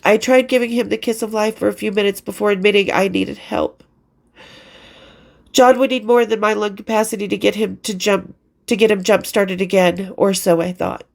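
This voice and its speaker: A middle-aged woman reading her own memoir aloud, candid and expressive, with casual asides and blunt swearing. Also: mid-range voice, moderate pace, creaky.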